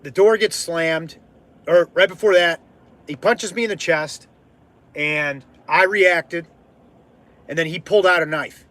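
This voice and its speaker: A man hosting his own show, telling a personal story in a casual, animated way and swearing freely as it heats up. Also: on the high side, unhurried, pauses often. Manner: animated, swears freely, swings from quiet to heated. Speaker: podcast host.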